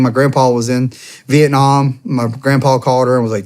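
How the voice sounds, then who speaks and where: A man's voice: medium pitch, moderate pace. Man in his thirties telling stories. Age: 30s. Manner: animated, acts out quoted dialogue. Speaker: podcast guest. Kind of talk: casual storytelling.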